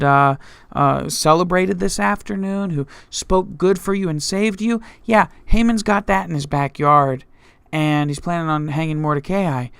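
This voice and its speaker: A male pastor retelling scripture as a story, full of restarts and filler words. His voice sits a bit high for a man, smooth and resonant with a gravelly fry, recorded close and dry. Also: fairly bright tone, dry recording. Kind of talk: Bible study teaching.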